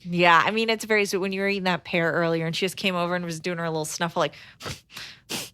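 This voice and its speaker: A woman's voice: fairly low pitch, fairly even intonation, quick pace, bright, forceful tone, clear, resonant tone, no room sound. A woman co-hosting a podcast, chatty and giggly, reading out listener questions. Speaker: podcast co-host. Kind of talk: casual chat, reading listener letters.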